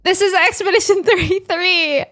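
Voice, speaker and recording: A woman's voice: extremely high pitch, steady tone, normal speed, fairly bright tone, soft background music. A young woman streaming a game, giggling and reacting aloud in casual chat. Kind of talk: casual live-stream commentary.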